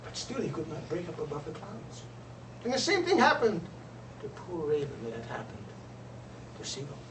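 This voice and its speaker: A man telling a traditional folk tale aloud in an expressive storyteller's manner. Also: on the high side, moderate pace, background noise. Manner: expressive, lively voices for characters. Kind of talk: oral storytelling. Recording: roomy, distant, faint ambience.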